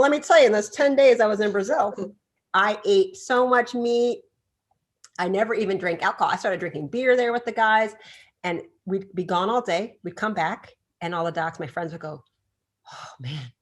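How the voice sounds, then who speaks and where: A middle-aged woman, a chiropractor guest on a podcast interview, telling stories in an animated way and acting out the voices of the people she quotes. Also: medium pitch, moderate pace. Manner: animated storyteller who acts out quoted voices.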